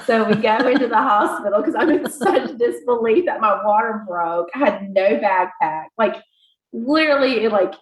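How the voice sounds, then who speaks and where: A woman guest on a podcast, telling a personal story in a chatty, animated way with many fillers. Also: on the high side, normal speed. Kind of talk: casual interview storytelling. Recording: echoey room.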